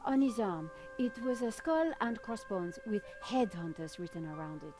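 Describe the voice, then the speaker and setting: An actress voicing a brisk, practical adult woman investigator in a video game. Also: medium pitch, animated, music in the background, close to an everyday voice. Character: level-headed female investigator, adult.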